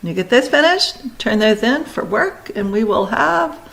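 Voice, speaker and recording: A woman teacher giving a recorded lesson, talking students through steps in brisk, directive instructions. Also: a little high, lively intonation, creaky, fairly bright tone, low-quality recording.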